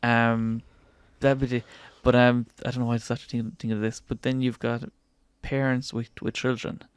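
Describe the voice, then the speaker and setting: A man chatting on a podcast, animated, laughing often and acting out what other people say. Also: medium pitch, moderate pace, smooth, no room sound. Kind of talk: casual podcast chat.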